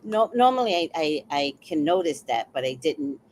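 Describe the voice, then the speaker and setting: A woman in her sixties telling a story on a casual livestream, blunt and fiery, with sudden loud outbursts. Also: low-pitched, sing-song, normal speed, slight background noise. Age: 60s.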